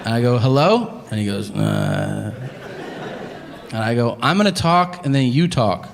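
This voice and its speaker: A man telling a stand-up story on stage, animated and profane, acting out other people with grunts and flat voices. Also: mid-range voice, brisk, a crowd in the background. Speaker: stand-up comedian. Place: comedy stage before a live audience. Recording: stage mic in a hall with faint ambience.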